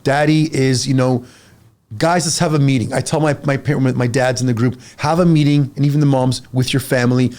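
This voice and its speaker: A man in his forties, a fitness coach talking on a casual podcast, emphatic and animated, speaking in quick bursts with repeated words. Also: medium pitch, clear, resonant tone. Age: 40s.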